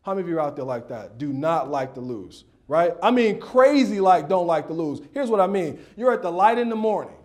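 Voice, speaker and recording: A man from Detroit giving a humorous storytelling speech at a banquet dinner, animated, acting out voices and rising to shouts. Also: fairly high pitch, fairly quick, few pauses. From Detroit, USA. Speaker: motivational speaker.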